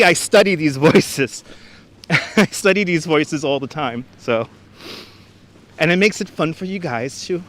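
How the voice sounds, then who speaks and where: Live-stream host, man, a bit high-pitched, casual and chatty, reads out viewer comments, outdoor clip-on mic. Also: a bit bright. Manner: chatty, reads out viewer comments and greets them by name, laughs often. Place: outdoors on a frozen beach. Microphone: wireless clip-on mic.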